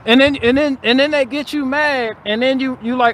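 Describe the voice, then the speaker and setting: Beneath this recording sits a faint hiss as a man with a notably high, slightly bright voice rants on a casual live stream. His tone stays steady at a moderate pace while he talks bluntly and profanely, repeating and restarting phrases.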